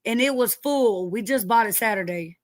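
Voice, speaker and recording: A woman's voice: on the high side, normal speed, no echo. A middle-aged woman hosting a casual live stream from home, greeting viewers by name, sniffly from allergies and cursing lightly as she chats.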